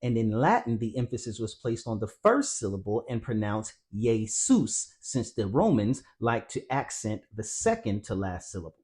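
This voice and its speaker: A man's voice: fairly low pitch, sing-song, moderate pace, few pauses, a little mellow. Man narrating a Bible language lesson. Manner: explanatory, addresses viewers as family. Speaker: Christian teacher. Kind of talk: scripted teaching narration.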